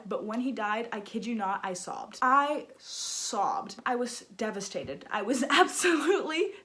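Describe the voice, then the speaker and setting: A young woman vlogging about books in a casual, gushing, self-mocking way. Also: mid-range voice. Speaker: book vlogger. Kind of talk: casual chat.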